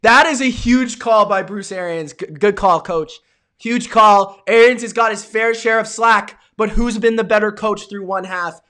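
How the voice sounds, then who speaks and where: A young American man hosting a live reaction stream of a football game, calling plays and yelling at big moments while talking to his chat. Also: high-pitched, unhurried. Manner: excitable, yells at big plays, talks to chat viewers.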